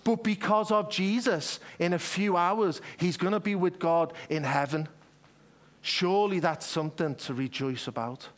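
A man preacher voicing an older wife at her dying husband's bedside, speaking quietly, steadily and slowly. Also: high voice. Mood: calm.

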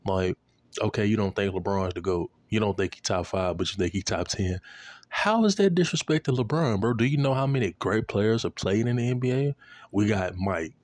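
A man in a casual, profane sports rant, animated and repeating himself, aimed at a commentator. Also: fairly low pitch, normal speed, no echo.

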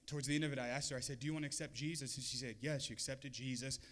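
A man's voice: medium pitch, fairly even intonation, rapid-fire, fairly bright tone. A man preaching a sermon as a pastor, telling a story with humor and acting out the voices of the people in it.

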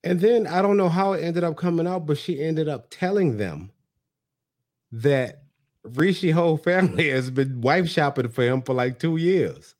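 A man's voice: fairly high pitch, moderate pace, darkish tone. A male podcast co-host recapping in casual chat, laughing and acting out quotes. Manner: laughing storyteller, acts out quotes.

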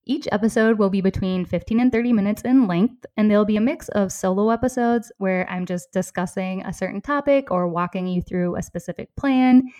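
A woman in her thirties with a Minnesota accent talks through her solo podcast in a friendly, upbeat way, with small laughs between phrases. Her voice sits at an ordinary middle pitch and sounds close and dry, with no room around it. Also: dark tone, no room sound. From southeastern Minnesota, US. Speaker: podcast host.

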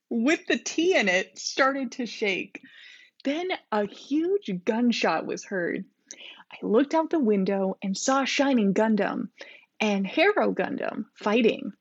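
A woman reads her childhood fanfiction aloud, amused and laughing at her own writing. Her voice sits fairly high. The recording sounds dull and lo-fi. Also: animated, slow pace, husky, no room sound. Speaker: podcast co-host.

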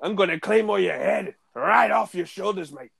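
A man's voice: sits high, normal speed, creaky, a bit bright, husky, dry recording, clean studio sound, pitched above the performer's own voice, heavily acted. A man doing a blustering British wrestling heel. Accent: British English.

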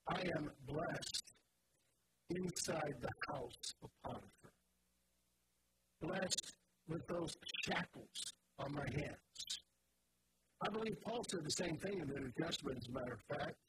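A male pastor delivers an impassioned sermon in a high-pitched voice. He moves between soft, confiding asides and fervent, shouted declarations. A steady hiss of background noise runs under the recording. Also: measured pace, long pauses. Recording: noisy church recording.

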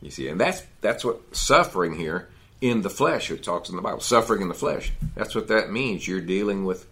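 A man's voice: sits low, expressive, a little fast, fairly bright tone. A man teaching a men's Bible study in a folksy, conversational sermon style, often adding "you know" and "see".

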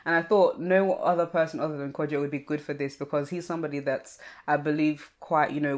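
A young podcast host chatting casually and at length. The host rambles with many likes and you knows and pokes fun at themself. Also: medium pitch.

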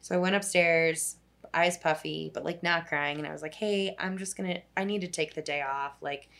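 Fairly bright yet gravelly, her voice is on the low side with fairly even intonation and a moderate pace. The young woman, a social worker, rambles through a long personal anecdote in casual chat, full of "like" and the odd curse.

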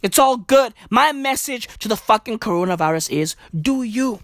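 A woman rants for laughs, peppering every line with slang, curses and repeated punchlines. Her pitch sits fairly high and leaps around in lively swings while she talks at an unhurried pace. The sound is close and dry, with no room echo. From South Africa. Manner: slangy, swearing, emphatic repeats. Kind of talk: profane comic rant.

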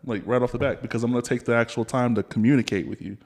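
A man's voice: medium pitch, steady tone, rapid-fire, darkish tone. A man hosting a podcast in casual chat, pressing his point and repeating it. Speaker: podcast host.

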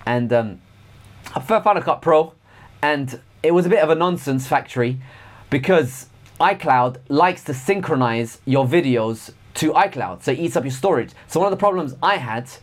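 A man's voice: fairly high pitch, animated, moderate pace. Opinionated man ranting about tech. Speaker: co-host. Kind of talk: casual chat.

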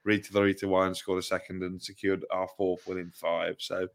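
A man's voice: low voice, flat delivery, a little fast. A young man with a self-mocking way of telling stories, co-hosting a casual football podcast chat. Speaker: podcast co-host.

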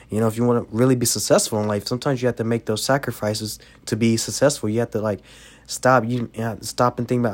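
A man's voice: medium pitch, steady tone, fast. Young man rambling through life advice. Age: young adult. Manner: rambling, heavy on "you know" fillers. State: sick, coughing. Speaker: podcast host. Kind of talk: casual advice monologue.

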